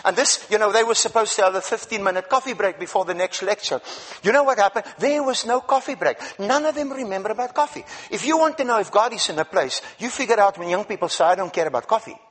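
High-voiced emphatic preacher man. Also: lively intonation, fast, a bit bright. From Africa. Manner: emphatic, repeats words, asks the congregation questions. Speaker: guest preacher. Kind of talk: sermon.

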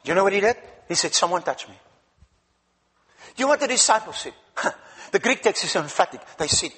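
A male preacher telling a Bible story in a sermon, with dramatic swings between loud and hushed delivery. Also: high-pitched, big pitch swings, normal speed, long pauses, slight background noise. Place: church. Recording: reverberant church hall.

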